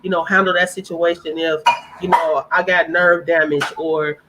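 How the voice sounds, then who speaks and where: A woman's voice: on the low side, little pitch movement, normal speed, noisy background. A woman speaking on a live-stream panel, earnest and heartfelt, repeating phrases for emphasis.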